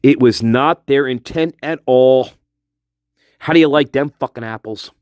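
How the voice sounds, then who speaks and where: A man hosts a livestream with an angry, profane, repetitive delivery. His voice sits at an ordinary male pitch, picked up dry and close on a phone. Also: unhurried, darkish tone, smooth, dry recording. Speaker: livestream host. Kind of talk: livestream rant.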